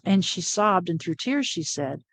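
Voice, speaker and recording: A middle-aged woman, an interview guest, telling a personal story in a lively way, often laughing and acting out what people said. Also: lowish voice, unhurried, no room sound. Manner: animated, laughs often, acts out quoted lines.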